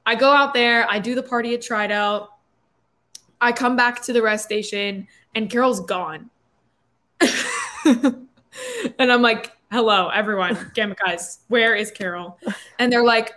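A young woman in her twenties, telling a story in a casual chat with lots of fillers. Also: a little high. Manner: animated, quick storytelling with many fillers.

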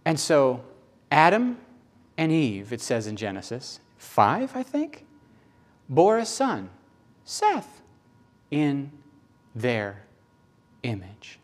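A man with a Southern American accent preaching a sermon in an animated, playful, emphatic way. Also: medium pitch, slow pace, pauses often.

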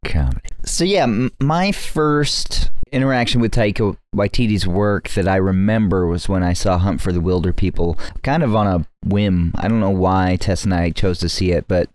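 A man with a very low voice talks casually about films on a podcast, laid-back and quick to laugh at himself. The sound is close and dry, with no room around it. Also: darkish tone, no room sound. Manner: laid-back, self-deprecating, laughs easily. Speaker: podcast co-host. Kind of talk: casual film review chat.

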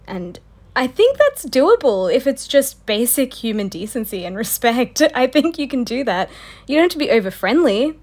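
A woman's voice: on the high side, normal speed. A young woman, a medical student co-hosting a casual chat, laughing often as she tells stories. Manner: laughs often, animated storytelling.

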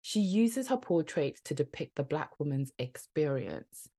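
A woman's voice: low voice, big pitch swings, measured pace, warm tone, husky. A woman co-hosting a podcast in a casual, upbeat, chatty way, laughing often. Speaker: podcast co-host. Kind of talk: casual chat and presenting.

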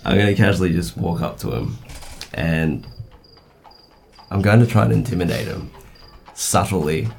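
A man's voice: deep voice, moderate pace, vocal fry, pauses often, slight background noise. A man playing a tabletop game, talking hesitantly with fillers and laughing now and then. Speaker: player. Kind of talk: casual tabletop play.

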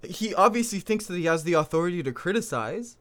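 Emphatic man with a higher voice. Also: expressive, fast talker, fairly bright tone. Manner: emphatic, hyperbolic, swears casually. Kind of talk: casual political chat.

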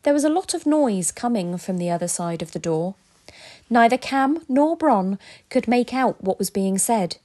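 A woman telling a children's story as a podcast storyteller, in a gentle, expressive way. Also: on the high side, normal speed.

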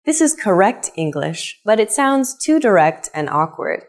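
A young woman hosts a scripted English lesson. Her pitch moves up and down a lot, and she talks at an unhurried pace. She says each example phrase clearly and often repeats it for learners. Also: very animated. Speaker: English teacher.

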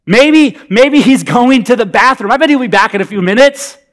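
A man playing a loud sarcastic taunting prophet. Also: very high-pitched, lively intonation, moderate pace, pitched above the performer's own voice. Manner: sarcastic, trash-talking, raised loud voice. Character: taunting prophet mocking rivals, brash adult man.

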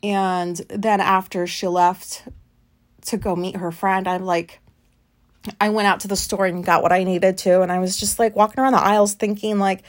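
A woman's voice: medium pitch, fairly even intonation, normal speed. Woman, late thirties, solo podcast host. Anxious, frustrated, rambling and profane. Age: late 30s. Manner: rambling, profane venting with many fillers. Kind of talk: casual solo podcast monologue.

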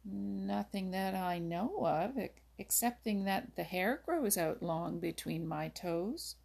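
A timid male hare answers questions hesitantly, a little unsure of himself, voiced by a woman reading a storybook. The voice is husky and gravelly, and it moves slowly. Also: medium pitch, animated, a little mellow, full character voice.

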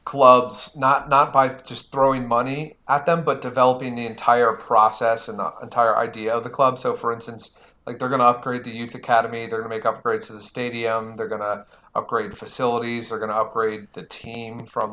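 American dude on a pod, bright voice, kinda rambly, lots of likes. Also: male voice, mid-range voice, little pitch movement, normal speed. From United States. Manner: rambling, says "like" often. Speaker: podcast co-host. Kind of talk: casual chat.

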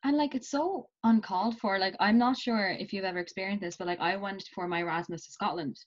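A young Irish woman in casual chat, telling animated stories and acting out dialogue. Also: medium pitch, brisk. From Ireland. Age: young adult. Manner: animated storytelling, acts out dialogue. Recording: dull lo-fi sound.

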